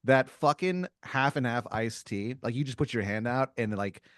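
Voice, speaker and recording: A man's voice: medium pitch, moderate pace, fairly bright tone, clear, resonant tone, no echo. A man in the middle of his range spins an improvised comic tale in a meandering, stop-start way. He piles up fillers and restarts as he goes. The recording is close and dry, with no room sound. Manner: rambling, full of fillers and restarts. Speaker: podcast co-host. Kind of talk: improvised comedic storytelling.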